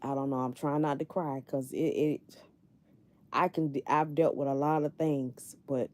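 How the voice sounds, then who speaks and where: A woman's voice: low voice, fairly even intonation, normal speed, a little mellow. A middle-aged woman hosting a casual live stream from her bed at home, confiding candidly in her viewers. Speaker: livestream host.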